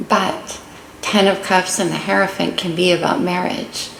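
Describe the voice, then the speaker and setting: Card by card, a tarot reader talks through her spread with warmth and easy chatter. Her voice is lowish and creaky, steady in tone and moderately paced. There's some echo and faint noise in the room.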